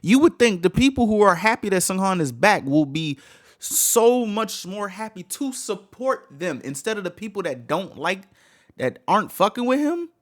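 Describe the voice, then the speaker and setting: A man's voice: high-pitched, sing-song, normal speed. A man hosting a reaction video, ranting in heated, incredulous, profane commentary full of rhetorical questions.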